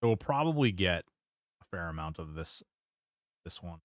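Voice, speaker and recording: A man's voice: deep voice, very animated, moderate pace, no room sound, clean studio sound. A man streaming a game, chatting casually, reading chat aloud and swearing now and then. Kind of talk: casual gameplay commentary.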